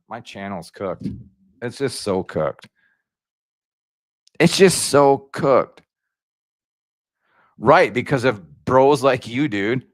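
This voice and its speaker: A man hosting a casual livestream, rambling and slangy, jumping up in pitch when he gets excited. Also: no echo, clean studio sound. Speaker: YouTube livestream host.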